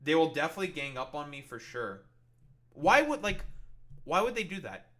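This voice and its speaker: A man's voice: on the high side, very animated, normal speed, fairly bright tone. A man hosting a casual reaction show, mocking a video in a profane rant. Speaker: podcast host reacting to videos.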